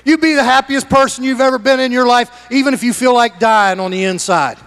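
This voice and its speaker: A middle-aged pastor preaches fairly quickly in his church sanctuary, his high voice clear and resonant. He alternates soft, chatty asides with loud, excited shouts that urge the congregation forward.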